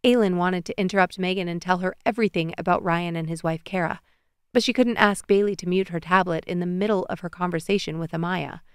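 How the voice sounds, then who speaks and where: A woman reading a romance audiobook as narrator in an even, measured way, recorded close on a studio mic. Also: on the low side, clear, resonant tone, no echo.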